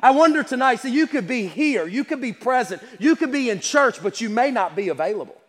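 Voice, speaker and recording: High-voiced man preaching in an echoing church. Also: lively intonation, a little fast, fairly bright tone. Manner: rhythmic preaching, repeats phrases, reads scripture in old style. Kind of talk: sermon. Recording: long echo of a church hall.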